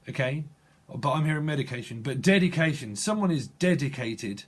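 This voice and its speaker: Guy doing a psychic tarot reading, halting, keeps restarting, mid pitch. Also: animated, breathy edge. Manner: halting, restarts and apologizes, talks to the viewer. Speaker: tarot reader.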